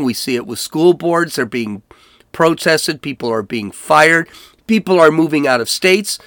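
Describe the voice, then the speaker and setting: A man's voice: on the high side, dry recording, studio quality. A man hosting his own political podcast, talking alone in a heated, emphatic rant that circles back on its words. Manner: heated, emphatic ranting with repetitions. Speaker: podcast host. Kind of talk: solo political podcast monologue.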